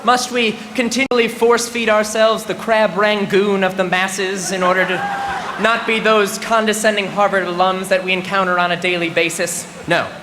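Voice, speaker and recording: This graduate is in his twenties and speaks at normal speed in a high voice with little pitch movement. He delivers his funny ceremony speech with mock-serious timing as the crowd laughs, in a big reverberant venue with some faint background noise.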